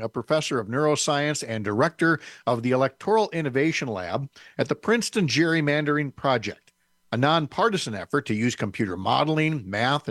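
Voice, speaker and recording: A man hosting an interview, reading a scripted introduction and then asking questions in a measured, slightly halting way. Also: fairly high pitch, no echo, clean studio sound. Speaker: radio show host.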